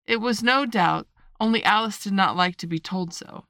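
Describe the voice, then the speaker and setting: A woman narrating a children's classic in an even, measured audiobook reading. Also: medium pitch, no echo, clean studio sound.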